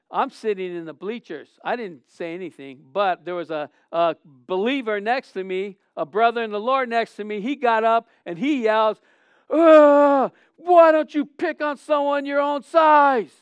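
A middle-aged man delivers a laid-back sermon as pastor, moving between scripture and a personal story. His voice sits high and rings smooth, recorded close and dry with almost no room sound. He circles back on phrases and asks the congregation rhetorical questions. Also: normal speed, no room sound, highs cut off. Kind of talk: conversational sermon.

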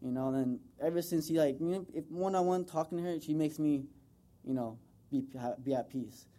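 A man's voice: on the high side, fairly quick, dark tone. Earnest young man rambling with fillers. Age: young adult. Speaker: son giving a tribute. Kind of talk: informal public speech.

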